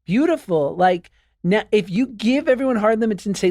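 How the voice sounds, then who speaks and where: A man in his thirties co-hosting a comedy podcast, telling stories in a casual, animated way. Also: high-pitched, normal speed, no room sound, clean studio sound. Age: 30s. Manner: animated storyteller, breaks into laughing sung bits. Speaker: podcast co-host.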